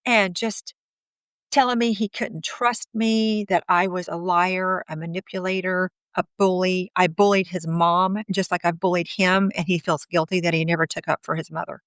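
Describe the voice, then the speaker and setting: This is a woman in her fifties sharing a personal story as an interview guest. She speaks candidly and outspokenly in a fairly low voice and laughs now and then. The sound is dry and close. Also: steady tone, moderate pace, hardly any pauses, a bit bright, smooth, no echo.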